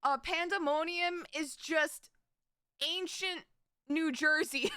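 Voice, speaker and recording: With a very high, sharp-toned voice, a young VTuber takes it slowly as she rambles and giggles with her live audience, often correcting herself. It's casual live-stream chat, recorded at studio quality with no echo.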